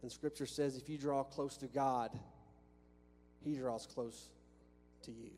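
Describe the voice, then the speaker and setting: A man's voice: mid-range voice, fairly even intonation, measured pace, mellow, faint music behind. A man preaching a sermon to a congregation in a church, talking conversationally with restarts and rhetorical questions. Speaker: pastor. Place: church sanctuary with a balcony. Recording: long reverb from a church hall with faint hum.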